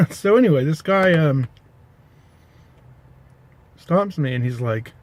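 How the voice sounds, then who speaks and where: A man's voice: fairly high pitch, animated, takes it slowly. A man casually telling an anecdote to the camera, rambling, correcting himself and adding dry asides. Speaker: pipe-smoking vlogger.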